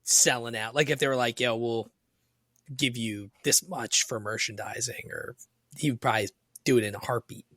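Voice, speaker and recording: A man's voice: mid-range voice, steady tone, moderate pace, a bit bright, no echo. Teasing crude podcast man, dry sound. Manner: teasing, crude, laughs often. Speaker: podcast co-host. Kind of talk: casual chat.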